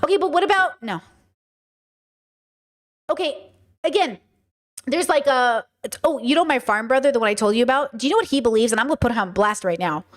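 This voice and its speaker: Woman, podcast host, high-pitched, casual monologue, blunt, animated, swears, rambling restarts. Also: brisk, long pauses.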